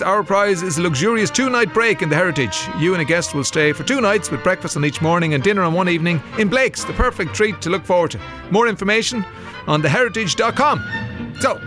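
A man with an Irish accent hosting a radio show, chatting casually and reading out listener messages with frequent "uh"s. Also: high voice. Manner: chatty, laughs easily, with frequent filler "uh"s. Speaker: radio host. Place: radio studio. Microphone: studio microphone.

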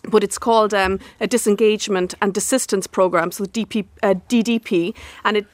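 A woman, a criminology academic explaining calmly in a radio interview. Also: medium pitch, no room sound. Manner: measured, explanatory.

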